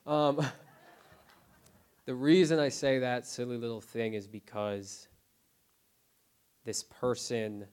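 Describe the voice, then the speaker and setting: A man sharing his recovery story in a casual, unscripted way, often quiet and subdued. He talks haltingly, filling his sentences with "like" and "you know what I mean" and restarting his phrases. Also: medium pitch, clear, resonant tone. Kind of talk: personal testimony, casual and unscripted. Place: recovery group meeting.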